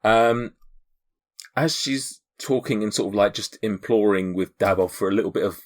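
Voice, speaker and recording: A man's voice: on the low side, normal speed. A man narrating a tabletop game as game master, hesitant and full of restarts.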